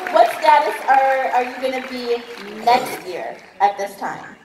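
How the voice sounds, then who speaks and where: A woman with a very high voice gives a motivational speech from a stage, gushing with praise. She is picked up from a distance in a big echoing hall. A crowd murmurs behind her. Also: very animated, a little slow, background noise. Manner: effusive, gushing. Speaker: keynote speaker. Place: large event hall, on stage. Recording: echoey hall from afar with crowd.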